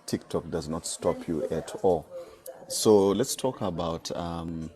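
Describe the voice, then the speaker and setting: A man hosting a live podcast interview, relaxed and encouraging, thanking viewers. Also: deep voice, takes it slowly, a crowd in the background. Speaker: podcast host. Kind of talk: casual live-stream interview.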